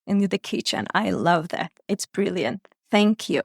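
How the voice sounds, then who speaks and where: A woman's voice: lowish voice, expressive, unhurried, creaky, husky, no room sound, studio quality. A woman hosting a parenting podcast, conversational and appreciative toward her guest. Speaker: parent coach host. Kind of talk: podcast interview.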